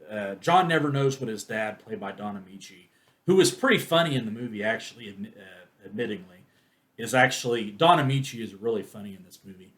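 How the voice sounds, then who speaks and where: A man's voice: medium pitch, a bit bright. A man giving a casual, rambling spoken movie review, full of restarts and fillers. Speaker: film reviewer.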